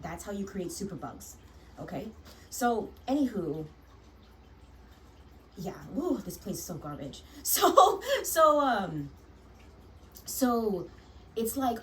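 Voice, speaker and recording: A woman's voice: mid-range voice, warm tone, distant mic, a little hiss or hum, poor audio. A woman who works as a nurse, telling a personal story frankly and heatedly, swearing often and restarting her sentences.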